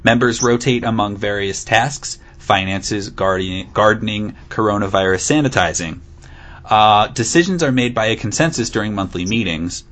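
A man's voice: fairly low pitch, normal speed, a bit bright. A man co-hosting a casual podcast, reading a news article aloud and often breaking into laughter. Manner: giggly, amused, reads with playful emphasis. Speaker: podcast co-host.

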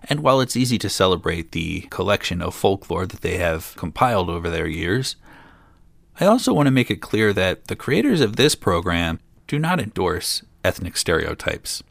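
Male storyteller host, deep voice with some fry, dry wry asides, dead-dry close mic. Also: big pitch swings, moderate pace, a bit bright, no echo. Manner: dry, lightly joking asides. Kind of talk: reading a fairy tale aloud.

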